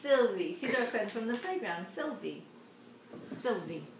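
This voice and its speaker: A woman's voice: a little high, sing-song, background noise. Patient mother coaxing a toddler. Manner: patient, repeats words slowly and laughs softly. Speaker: parent coaching a toddler to say names. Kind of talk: home video, coaxing a child. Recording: echoey room.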